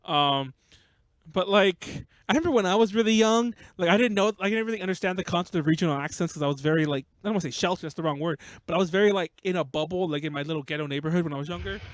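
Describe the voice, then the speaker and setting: A young man with a Los Angeles accent hosting a podcast, rambling quickly with lots of restarts. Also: high voice, no room sound. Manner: rapid, rambling, many restarts. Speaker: podcast host. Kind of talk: casual chat.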